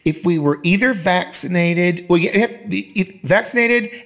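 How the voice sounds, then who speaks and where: A man's voice: high-pitched, expressive, normal speed, creaky, fairly bright tone. Campy man chatting, bawdy and loose. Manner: campy, bawdy, calls people honey. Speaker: host. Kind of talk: casual chat.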